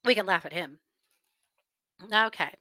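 A woman's voice: medium pitch, measured pace, bright, forceful tone, no echo. A woman hosting a livestream, chatting casually with her viewers about a wild crime case, rambling through asides and laughing often. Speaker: livestream host reading viewer comments.

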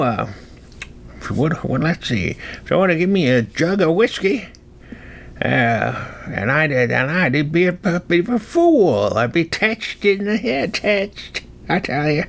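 A cackling old Wild West codger rambles along in a put-on Old West movie drawl, as a man puts him on for a vlog. His voice sits high and swoops all over, slow and folksy. He stumbles through his own words and chuckles often. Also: big pitch swings, gravelly, heavily acted. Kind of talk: comic impression.

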